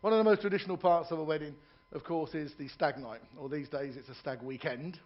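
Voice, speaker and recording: Stand-up comedian on a ship's stage. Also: male voice, on the high side, a little fast, dull audio. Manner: joke-telling with voiced characters and asides to the audience. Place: ship's theatre lounge.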